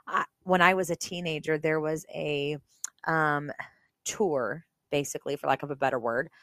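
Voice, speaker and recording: Woman podcaster with a low voice, reading the Bible aloud with earnest, casual commentary, recorded dry and close. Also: creaky, dry recording. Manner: earnest, conversational, many fillers. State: briefly emotional.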